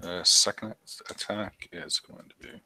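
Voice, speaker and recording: A man's voice: deep voice, fairly even intonation, measured pace, pushed and bright, husky. A man playing a tabletop game, hesitantly reading out his dice numbers. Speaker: player. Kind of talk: casual tabletop game talk.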